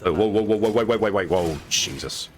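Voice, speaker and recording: A man's voice: lowish voice, lively intonation, a little fast. A man chatting casually while streaming a game with friends, joking, swearing and laughing often. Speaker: gamer on a stream. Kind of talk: casual chat while gaming.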